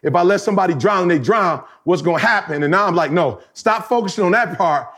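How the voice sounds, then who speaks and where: A man's voice: high voice, lively intonation, quick pace, a bit bright. A man co-hosting a podcast in casual chat, colloquial and emphatic, laughing through stories and hammering points home by repeating phrases. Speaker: podcast co-host.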